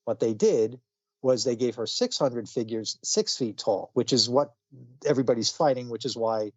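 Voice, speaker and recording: A man's voice: medium pitch, animated, moderate pace, dry recording. Man recapping a comic, muffled dry audio. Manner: rambling plot recap with fillers. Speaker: podcast co-host. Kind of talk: casual comic review chat. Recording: slightly muffled dry recording.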